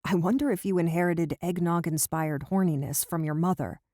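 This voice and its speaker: A woman's voice: fairly low pitch, fairly even intonation, normal speed, mellow, no echo, clean studio sound, lightly acted. A woman voicing a playful young man who teases his girlfriend, read in an audiobook. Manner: playful, amused. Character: teasing young man, grinning boyfriend.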